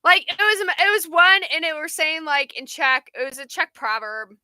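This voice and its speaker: A woman's voice: extremely high pitch, animated, moderate pace, bright, forceful tone, no echo. A woman hosting a livestream, chatting in a rambling way and answering viewer comments. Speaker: livestream host. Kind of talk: casual live chat.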